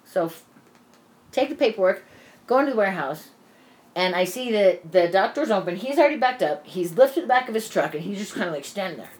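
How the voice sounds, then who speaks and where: A woman's voice: mid-range voice, expressive, brisk, a little mellow. Rambling, profane woman telling a story. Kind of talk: casual chat.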